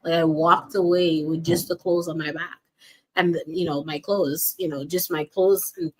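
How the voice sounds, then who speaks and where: A woman with a somewhat low voice delivers a faith-based motivational monologue as a life and wellness coach. She speaks earnestly and directly to her listeners, circling back to repeat her key lines. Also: fairly even intonation, normal speed.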